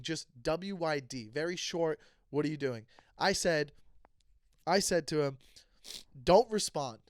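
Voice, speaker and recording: A man's voice: a little high, no echo, clean studio sound. A comedian hosting his podcast, telling a story in a heated, profane rant and acting out both sides of the conversations. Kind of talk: casual storytelling monologue.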